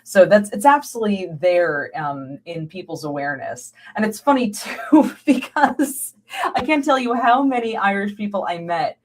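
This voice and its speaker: A woman's voice: medium pitch, animated, moderate pace. An American woman, a guest scholar, talking animatedly in an interview, laughing often and acting out what people say to her. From United States. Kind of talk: conversational interview.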